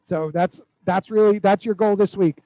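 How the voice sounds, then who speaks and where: High-voiced man coaching his sales team. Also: normal speed, no echo, poor audio. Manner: direct, repetitive instructions with animated storytelling. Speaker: real estate team coach. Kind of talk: weekly accountability meeting.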